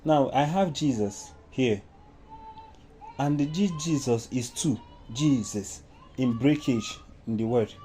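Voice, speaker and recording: Man teaching music, very dark voice. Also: medium pitch, takes it slowly. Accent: Nigerian English. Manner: explains step by step, sings solfa syllables. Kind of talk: informal music lesson with sung examples.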